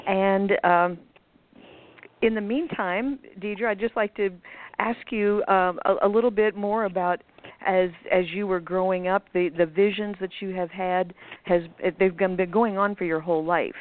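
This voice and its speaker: A woman's voice: mid-range voice, fairly even intonation, moderate pace. A woman hosting a radio call-in show, chatting casually and hesitantly with many ums. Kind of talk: casual on-air chat. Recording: tinny phone line with faint hiss.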